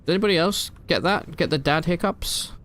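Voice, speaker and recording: A man's voice: high voice, brisk, a bit bright. A man chatting casually while streaming a game live from his room at home, rambling and answering chat with plenty of fillers.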